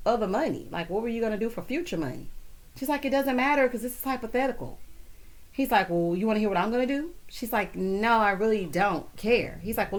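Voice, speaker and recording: A woman hosts a casual TV recap, talking to her viewers like friends. Her voice swoops up and down a lot as she gossips, laughs and teases the characters. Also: fairly high pitch. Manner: sassy, chatty, laughs often. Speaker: TV recap host.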